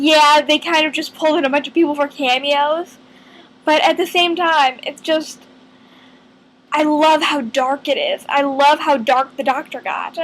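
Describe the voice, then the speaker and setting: A woman vlogging in casual fan chat to camera, earnest and rambling, thinking aloud with lots of pauses. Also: high-pitched, a bit bright, low-quality recording.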